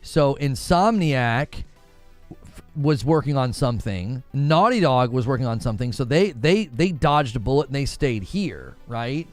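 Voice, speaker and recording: A man's voice: medium pitch, measured pace, dry recording, faint music behind. A man hosting a casual gaming news live stream, talking straight to his chat and mimicking other people's voices. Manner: animated, talks to chat, mimics others in raised voice.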